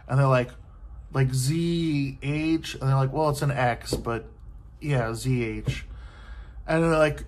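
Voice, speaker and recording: A man speaks at medium pitch and a little slowly as he rambles through an exasperated hotel-room rant for his vlog, swearing a lot and using many fillers. A TV can be faintly heard in the background.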